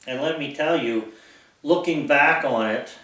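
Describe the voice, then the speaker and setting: A man's voice: on the high side, unhurried, sharp tone. A man in his sixties from the United States, talking bluntly and rambling as he lectures his viewers in an unscripted monologue. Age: 60s. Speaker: vlogger. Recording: very echoey room, distant mic.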